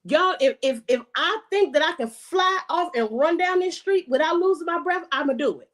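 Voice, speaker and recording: Woman, high voice, casual podcast testimony, emphatic, repeats herself for emphasis. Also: expressive, moderate pace.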